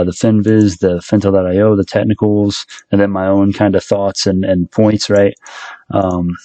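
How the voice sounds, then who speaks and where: A man's voice: lowish voice, dark tone, dry recording. A college-aged man rambling through casual stock market commentary, breaking into rants as the channel host. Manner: rambling, self-interrupting rants. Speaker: stock vlogger.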